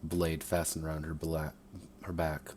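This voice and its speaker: A man's voice: rumbling low, completely flat delivery, unhurried, background noise. A man reading his own first-person story aloud, sometimes stumbling and rereading phrases.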